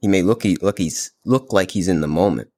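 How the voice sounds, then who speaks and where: Laid-back male guest, low-pitched, relaxed spiritual chat, gropes for words. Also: a little fast, dry recording, studio quality. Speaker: podcast guest. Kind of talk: casual spiritual conversation.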